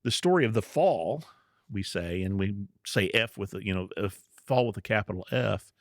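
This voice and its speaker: A man's voice: lowish voice, lively intonation, normal speed, no echo, clean studio sound. A man co-hosting a podcast, teaching on the Bible in casual chat, explaining step by step and laughing easily. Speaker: podcast co-host.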